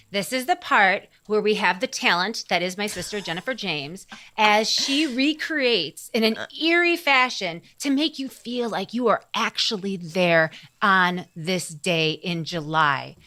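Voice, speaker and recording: A woman co-hosts a casual history podcast and reacts bluntly and outspokenly to the story, swearing freely. Her voice sits at a middling pitch. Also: lively intonation, unhurried, few pauses, sharp tone. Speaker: podcast co-host.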